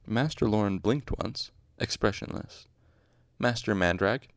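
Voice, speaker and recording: Deep, gravelly man reading a novel. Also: a little slow, dry recording, studio quality. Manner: informal, stops to correct slips. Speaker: audiobook reader. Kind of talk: casual amateur audiobook narration.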